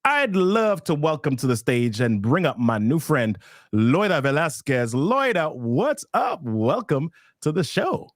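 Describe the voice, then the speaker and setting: Guy hosting a livestream, super pumped, shouting out viewers, dry close sound. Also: a little high, sing-song, unhurried, no echo. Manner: hyped, upbeat, reads out viewer names. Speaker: webinar host. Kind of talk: energetic live-stream hosting.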